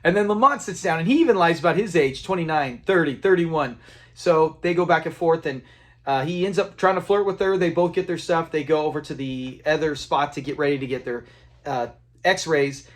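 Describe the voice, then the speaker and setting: A man's voice: on the high side, fairly quick, a bit bright. A man casually recapping a classic sitcom episode, retelling scenes, acting out quotes and chuckling along. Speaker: TV episode reviewer.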